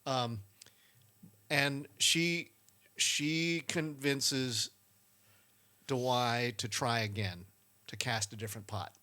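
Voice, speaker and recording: A man co-hosting a podcast, chatting casually about a film, halting often with restarts and fillers. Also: medium pitch, steady tone, bright, forceful tone. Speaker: podcast co-host. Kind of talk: casual chat reviewing films.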